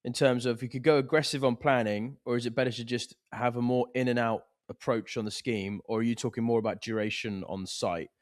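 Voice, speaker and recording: A man co-hosting a podcast in casual banter, laddish and quick to laugh, swearing and calling people mate. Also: medium pitch, steady tone, dry recording, clean studio sound. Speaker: podcast co-host. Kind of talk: casual banter among friends.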